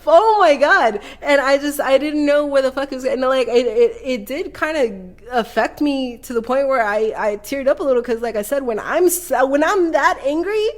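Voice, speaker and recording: A woman co-hosting a casual podcast chat, swearing freely, animated and quick to laugh. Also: sits high. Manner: profane, animated, laughs often. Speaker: podcast co-host.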